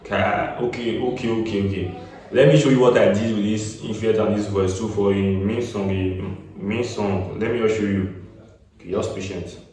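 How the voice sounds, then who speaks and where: A man's voice: on the low side, fairly even intonation, normal speed, a little mellow, slight background noise. A Nigerian man giving a casual music-recording tutorial. He is chatty, repeats himself and slips in Pidgin asides like "get me?". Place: small echoey room. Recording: echoey room, voice far from the mic.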